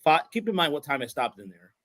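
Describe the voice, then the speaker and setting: Rambling, excitable man on a dry mic. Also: on the high side, fast talker, no room sound, poor audio. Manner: rambling, many restarts and fillers, excited storytelling. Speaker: podcast host. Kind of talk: casual sports podcast chat.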